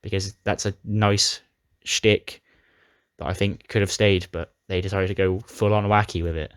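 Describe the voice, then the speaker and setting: A man's voice: low-pitched, fairly even intonation, normal speed, clear, resonant tone, no echo, clean studio sound. A man casually recapping his playthrough of a wrestling sim game, retelling storylines with dramatic flair. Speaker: gaming YouTuber.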